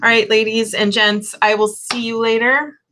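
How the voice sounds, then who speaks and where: A woman's voice: fairly high pitch, level tone, normal speed, pushed and bright. A woman shop owner chatting casually on a tarot livestream, rambling and giggly, with lots of fillers.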